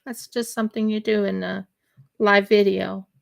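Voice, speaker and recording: A woman's voice: medium pitch, level tone, normal speed, gravelly. A woman hosting her craft livestream, chatting casually and rambling with many fillers and restarts. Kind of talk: casual chat while crocheting on a livestream. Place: home in winter.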